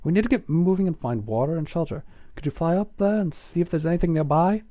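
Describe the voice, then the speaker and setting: A man's voice: animated, fast, dark tone, dry recording, lightly acted. A man voicing an anxious, earnest young female unicorn who stammers eagerly in a fan story reading. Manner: stammering, eager, high-strung.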